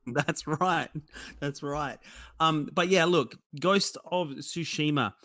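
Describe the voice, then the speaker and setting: A man's voice: fairly high pitch, slow, bright, forceful tone, dry recording, clean studio sound. A man chatting casually on a games podcast, rambling and self-mocking with lots of ums and restarts. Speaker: podcast co-host. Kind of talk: casual chat about games.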